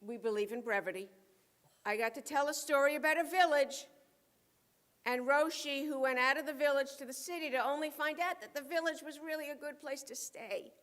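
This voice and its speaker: A woman leading a holiday service in a casual, excitable and exclamatory way. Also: high voice, fairly quick. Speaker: service leader.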